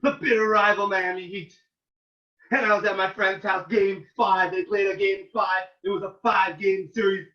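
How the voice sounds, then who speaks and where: A man, a rabbi, giving an animated informal talk to students, getting loud and excited as he tells a story. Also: high-pitched, normal speed. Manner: excitable, shouts and cracks when reliving a game. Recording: roomy, distant, dull lo-fi sound.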